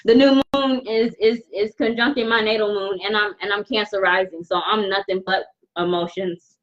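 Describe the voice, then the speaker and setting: A woman hosting a live intuitive tarot reading, talking straight to viewers in an earnest, halting way full of restarts. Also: mid-range voice, steady tone, highs cut off. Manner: halting, repetitive, with many restarts; earnest, addresses viewers directly. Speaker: tarot reader and host.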